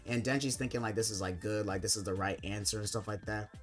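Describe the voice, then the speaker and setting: A man's voice: on the low side, steady tone, quick pace, soft background music. A young man recapping an anime plot in casual commentary, rambling with constant filler words. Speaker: anime video essayist.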